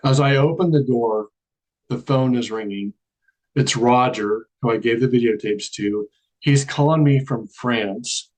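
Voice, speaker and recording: Animated man telling a story. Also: mid-range voice, a little slow, low-quality recording. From Charleston area, American South. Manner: animated storyteller, acts out quoted dialogue, laughs often. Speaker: guest. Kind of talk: storytelling in casual interview.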